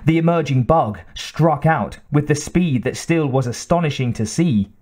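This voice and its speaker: A man narrating an audiobook in a measured reading style. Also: on the high side, a little mellow. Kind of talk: scripted narration.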